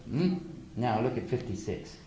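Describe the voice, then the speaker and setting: A man's voice: mid-range voice, very animated, measured pace, dark tone, a little hiss or hum. A man giving a religious lecture to a live audience, emphatic and full of rhetorical questions. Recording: echoey lecture hall.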